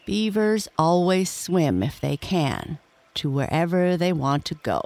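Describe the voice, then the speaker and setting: A storyteller reading a children's bedtime story aloud in a gentle, unhurried way. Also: mid-range voice, sing-song, vocal fry.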